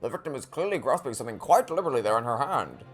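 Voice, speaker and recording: A man's voice: mid-range voice, rapid-fire, faint music behind. A man reading as a courteous old judge. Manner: formal, lively courtroom delivery. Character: stately older male judge, genial and courteous.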